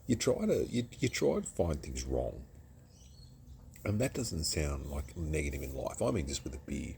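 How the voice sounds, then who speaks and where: Casting: very deep, gravelly Australian bloke, lively delivery, chatty beer reviewer. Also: male voice, normal speed, a little hiss or hum. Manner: chatty, self-mocking, jumps between topics. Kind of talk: casual rambling vlog. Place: outdoors at home.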